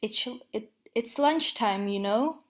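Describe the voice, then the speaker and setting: A woman voicing a simple, cheerful, hungry male bear in a read-aloud storybook, gentle and hopeful. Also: on the high side, unhurried, lightly acted.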